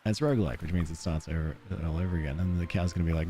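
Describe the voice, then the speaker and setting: Over slight background noise, this Australian gamer talks rapid-fire in a deep, mellow voice. He casually chats with viewers, rambling and self-deprecating, chuckling often and reading their messages aloud during the let's-play.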